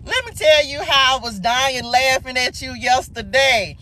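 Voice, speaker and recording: A woman's voice: high voice, expressive, measured pace, sharp tone. A woman hosting a casual live spiritual morning message from her car on a phone stream. She is exuberant, laughs often and greets viewers by name. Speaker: spiritual livestream host. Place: sitting in a car.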